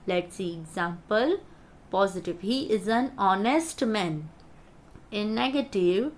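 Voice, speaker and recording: Slow, deliberate woman teaching grammar. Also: medium pitch, a bit bright. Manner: slow, deliberate explaining, spells out words. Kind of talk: grammar lesson for schoolchildren.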